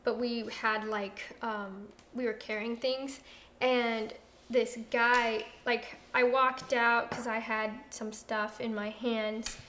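A young woman in her twenties chatting and telling stories on a home kitchen livestream, lively and quick to laugh. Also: fairly high pitch. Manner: lively, laughing storyteller who reads out viewer comments. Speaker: co-host of a livestream. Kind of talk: casual chat, storytelling. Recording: roomy kitchen echo.

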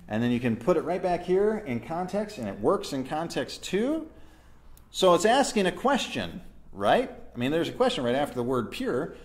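Leading a church Bible study, a man reads verses aloud, explains them, and puts questions to his listeners. His voice is fairly high in pitch and a little mellow.

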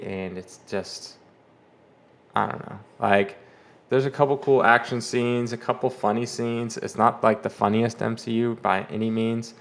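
A man hosting a casual movie review, rambling and exasperated, mocking the characters in quick put-on quotes. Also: lowish voice, vocal fry. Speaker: comic collector channel host.

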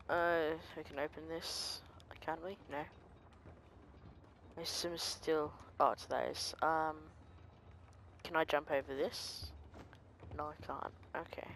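A game player giving quiet let's-play commentary, talking softly and easily startled. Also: mid-range voice, slight background noise.

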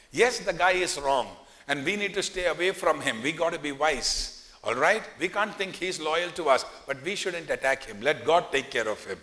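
A male pastor preaching with lively storytelling in a fairly high, bright voice. He throws questions out to the congregation as he goes. His words ring with long reverb in a church hall. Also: moderate pace. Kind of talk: sermon.

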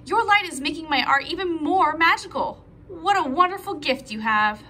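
A woman's voice: extremely high pitch, expressive, normal speed, bright, forceful tone, slight background noise, voice pushed up, full character voice. Woman playing a boastful beetle artist. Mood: encouraging. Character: proud male beetle artist with big pincers.

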